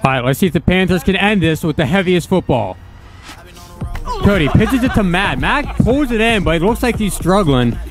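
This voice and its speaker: A young man with a high voice calls the backyard football plays as they happen, in quick excited bursts. Music runs clearly underneath his commentary. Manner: excited play-calling with quick short calls. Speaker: play-by-play commentator. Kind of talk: sports play-by-play commentary.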